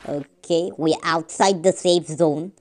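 A woman's voice: deep voice, fairly even intonation, slow pace, darkish tone. A woman giving rambling casual commentary while playing a game, often correcting her own slips. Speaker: gamer.

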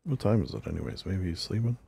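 Man, gaming commentary, gravelly, husky, rambling, jokey. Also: low-pitched, sing-song, fast talker, dark tone. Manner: rambling, jokey, talks to himself. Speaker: gaming channel host. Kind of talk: casual role-play game commentary.

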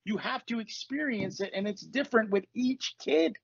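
A man's voice: high-pitched, moderate pace, creaky, husky, no echo, dull audio. A man hosting a casual spiritual podcast, telling stories with plenty of swearing and acting out what people said. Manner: profane, storytelling, acts out quotes. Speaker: podcast host and coach.

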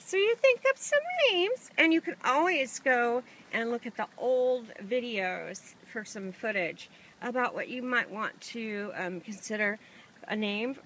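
A woman's voice: mid-range voice, fairly bright tone, slight background noise. A woman in a playful, chatty home video, greeting her chickens and her viewers in a sing-song voice, often laughing, outdoors in a chicken yard. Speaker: vlogger and backyard chicken keeper.

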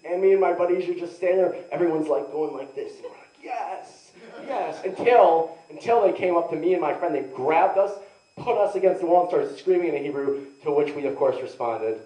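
A man's voice: a little high, fairly quick, muffled recording. A young man doing rambling, self-mocking stand-up storytelling, filled with "like" and asides to the audience. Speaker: stand-up comedian. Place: live comedy venue. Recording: echoey room, mic heard from a distance.

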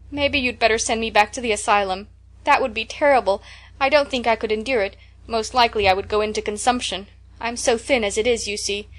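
A woman voicing an imaginative, excitable orphan girl who talks in breathless, high-flown words. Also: close to an everyday voice.

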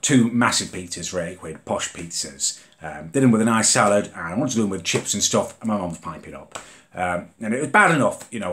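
A young Englishman with a deep, fairly bright voice rants in a vlog about his mother, sounding exasperated and indignant. The piece is a comedic rant vlog.

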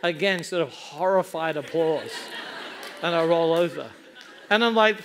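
A man in middle age preaching with a slightly raised pitch. He tells his story with animated, self-mocking comic timing, the way a pastor keeps a congregation engaged. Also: measured pace, a faint crowd, a little hiss or hum. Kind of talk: storytelling sermon. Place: church service before a laughing congregation.

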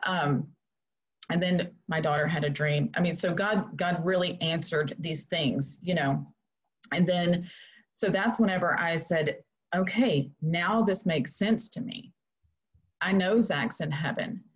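A middle-aged woman shares a personal story of faith as a podcast guest, earnest and halting. Her voice is low and husky. The audio is dull and lo-fi. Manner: earnest, halting, many fillers. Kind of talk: emotional personal testimony.

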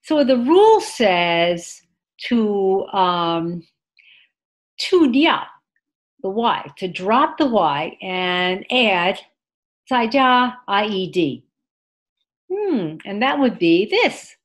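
A woman's voice: medium pitch, very animated, extremely slow, long pauses. A woman teaching an online English class, speaking patiently, repeating words and adding short Mandarin glosses. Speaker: ESL teacher. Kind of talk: online class lesson with screen sharing.

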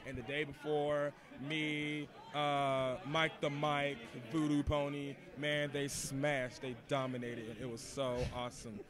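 Man, guest performer, energetic, joking, loud crowd. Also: on the high side, measured pace, few pauses.

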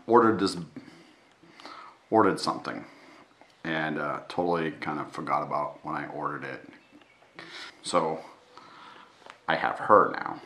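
A man's voice: extremely low pitch, bright, forceful tone. Chatty, self-mocking man vlogging. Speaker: vlogging artist. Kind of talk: casual travel vlog.

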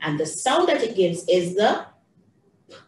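A fairly low-pitched, slightly mellow woman's voice encourages young children in a slow singsong, with big swings in pitch. She's a teacher, recorded far from the mic in an echoey room with a little background noise.

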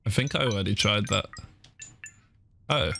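A young man commentating his own horror game playthrough, talking through every move and breaking into shrill panicked yelps when startled. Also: normal speed, creaky, background noise. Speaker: gaming streamer. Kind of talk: let's play commentary. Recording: game sounds and clicks behind the voice.

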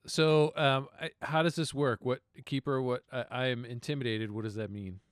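A man's voice: mid-range voice, smooth, no room sound, studio quality. A man playing a tabletop game, joking and asking questions. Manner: animated, joking, quick to laugh. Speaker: player. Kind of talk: casual tabletop game play.

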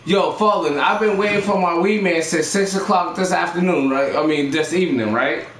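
A man's voice: on the high side, moderate pace, echoey room. A young man telling a rambling, profane story to friends in a casual chat, acting out the quotes.

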